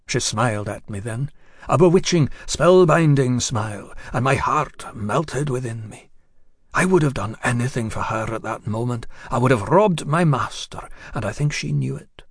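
A man narrating a story in the first person, in a measured, confiding way that speaks directly to the listener. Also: mid-range voice, lively intonation, breathy edge, dry recording, studio quality.

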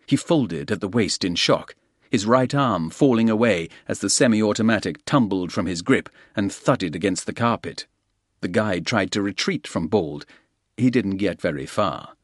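An audiobook narrator with a low voice reads an action thriller in a steady, brisk manner. The scripted narration is recorded close and dry, with no room sound.

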